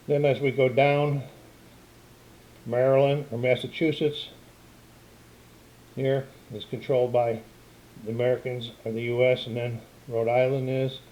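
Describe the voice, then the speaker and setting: Here a medium-pitched older man shows off a board game setup at home, talking on camera in a relaxed, rambling, plain manner. It's captured on a camera mic, and the quality is poor.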